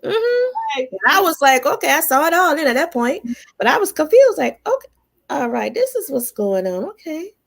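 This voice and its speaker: A woman tarot reader talking casually on a radio show, animated and affirming, often laughing. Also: high voice, normal speed, vocal fry.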